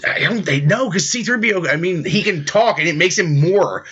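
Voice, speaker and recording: A man's voice: high voice, moderate pace, a bit bright, husky. A man co-hosting a casual podcast, ranting profanely and laughing often. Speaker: podcast co-host. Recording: dull lo-fi podcast audio.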